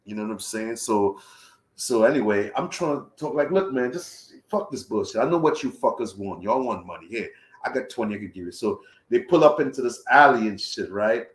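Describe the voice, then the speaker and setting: A young man who is a travel vlogger tells a travel story in casual, profane talk, speaking a little fast in a lowish voice. He animatedly acts out his own reactions as he goes, and the recording has a roomy echo.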